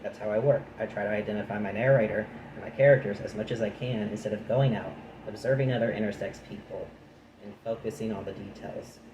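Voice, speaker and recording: Low-voiced man reading a book in an echoey room. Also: steady tone, fast, background noise. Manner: breaks off from reading into chatty, dry asides. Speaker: channel host reading a book aloud. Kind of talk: reading a nonfiction book aloud with casual commentary.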